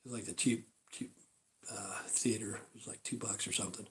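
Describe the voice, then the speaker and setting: A man's voice: lowish voice, steady tone, a little fast, a little hiss or hum. An older man rambling through a casual livestream monologue, profane and repetitive, circling back over his points. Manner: rambling, profane, repeats himself. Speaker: livestream host.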